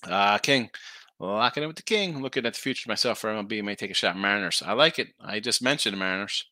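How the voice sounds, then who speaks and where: Fast-talking and on the low side, this middle-aged man has a pushed, bright voice with no room sound. He runs a casual live sports betting stream, rambling over picks, stumbling and interrupting himself while reading out comments from chat.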